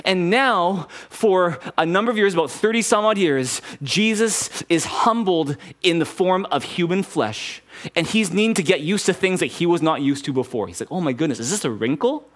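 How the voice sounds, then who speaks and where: A man's voice: high-pitched, animated, normal speed, a bit bright. A male pastor preaching a sermon in an earnest, conversational way, often restarting his sentences.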